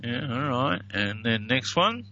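A man with an Australian accent hosting a video, reading phrases aloud in a drawn-out, wry way. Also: medium pitch, very animated, sharp tone, lo-fi sound. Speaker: video host. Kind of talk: casual commentary over played clips.

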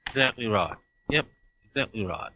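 A man's voice: lowish voice, animated, normal speed, sharp tone, dull audio. A man with an Australian accent hosting a casual chat, thinking aloud and often restarting his sentences. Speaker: host.

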